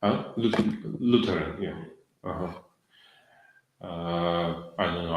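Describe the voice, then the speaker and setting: A middle-aged man giving a devotional lecture in halting English, full of fillers and self-corrections, with chuckles between points. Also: low voice. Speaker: lecturer on scripture. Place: temple lecture hall. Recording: very echoey lecture hall.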